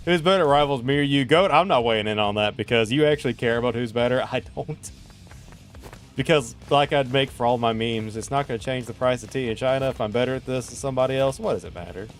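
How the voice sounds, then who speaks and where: A man's voice: mid-range voice, quick pace, faint music behind. A man hosting a casual gaming stream, playful and teasing as he chats with viewers while playing. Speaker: streamer host.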